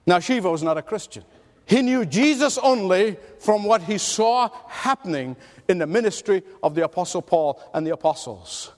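High-voiced man preaching in a reverberant hall. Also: animated, normal speed. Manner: emphatic storytelling with rhetorical questions. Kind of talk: sermon.

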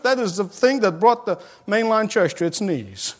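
A man preaches a sermon with emphatic repetition and frequent light laughs. His voice sits high for a man. The long reverb of a large hall trails every phrase. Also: sing-song, moderate pace, hardly any pauses.

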